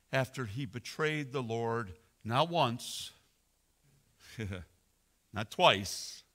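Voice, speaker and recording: Male senior pastor, dramatic sermon delivery, unhurried, bright and forceful. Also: medium pitch. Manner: slow dramatic preaching, swelling and dropping to near whisper.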